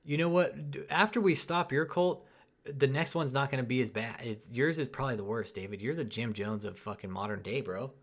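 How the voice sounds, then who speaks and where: A young man hosts a live commentary stream in an angry, profane rant. His voice sits at an ordinary middle pitch, and he ends his sentences with "dude" or "man" as he vents. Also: a little fast. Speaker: channel host.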